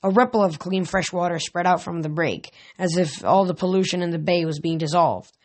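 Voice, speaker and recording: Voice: mid-range voice, steady tone, a little fast. A casual first-person audiobook narration with a plain, unpolished delivery. The reader often stumbles over a word and corrects it before going on. It sounds like a home reading rather than a studio production.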